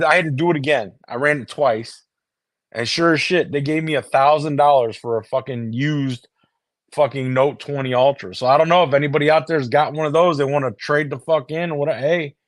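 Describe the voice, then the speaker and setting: A US streamer chats on a phone to his viewers in a loose, rambling way, cursing nonstop and restarting sentences while repeating words. His voice is a little high and brisk. The sound is dry and clean, like a studio.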